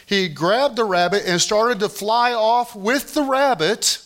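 Pastor, middle-aged man, fairly high voice, lively sermon delivery that swings between loud and quiet. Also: a little slow. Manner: animated storytelling, swings from loud to hushed.

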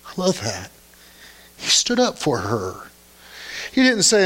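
A man's voice: mid-range voice, sing-song, measured pace, long pauses, a bit bright. A man preaching a sermon, reading scripture aloud and stopping to comment on it with rising emphasis.

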